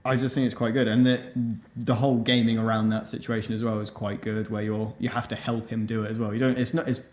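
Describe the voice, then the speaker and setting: A man's voice: lowish voice, little pitch movement, fast. Dry-humored man, echoey room. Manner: dry, laid-back, sarcastic asides. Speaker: podcast co-host. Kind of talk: casual chat.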